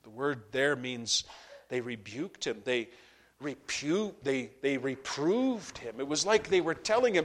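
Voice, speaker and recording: A pastor preaching a sermon to his congregation, impassioned, swinging between loud peaks and hushed drops. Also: medium pitch, animated, a little slow.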